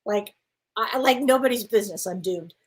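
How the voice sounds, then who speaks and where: A woman's voice: mid-range voice, moderate pace. A woman guest in casual chat, telling her story with lots of acted-out voices and laughter. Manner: animated storyteller, acts out voices, laughs often.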